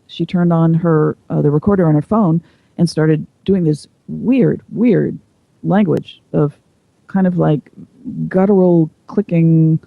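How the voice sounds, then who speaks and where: A woman with a gravelly, fry-edged voice talks as a guest in a casual interview, explaining things at length and thoughtfully. The sound is dull and lo-fi, close and dry with no room around it. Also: low-pitched, slow, no room sound.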